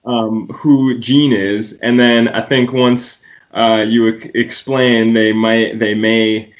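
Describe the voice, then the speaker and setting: A man's voice: on the low side, level tone, takes it slowly, muffled recording. A man co-hosting a podcast, asking questions hesitantly with many fillers. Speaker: podcast co-host. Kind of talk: casual interview.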